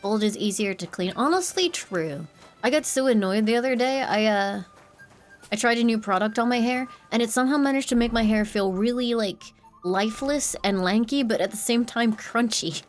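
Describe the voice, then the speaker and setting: A woman's voice: fairly high pitch, normal speed, soft background music. A young woman streamer chatting casually to her viewers while playing a game, giggling and swearing now and then. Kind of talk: casual gameplay commentary.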